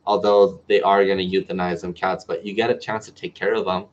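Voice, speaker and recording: Young guy from new mexico doing a live q&a, reads out chat and answers, slightly low voice, faint hiss behind. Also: level tone, fairly quick. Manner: chatty, reads viewer comments aloud and answers them. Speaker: medical student livestream host. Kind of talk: casual livestream Q&A. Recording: dull lo-fi livestream audio.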